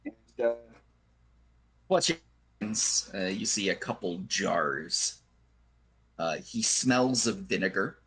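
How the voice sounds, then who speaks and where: Man, game master, low husky voice, slow halting narration, online call mic. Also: fairly bright tone, low-quality recording. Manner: halting, full of fillers.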